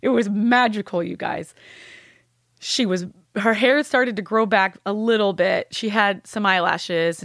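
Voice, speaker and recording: A woman, a podcast guest, telling a painful personal story candidly, with halting restarts and blunt swearing. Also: medium pitch, vocal fry, a bit bright, no room sound, studio quality.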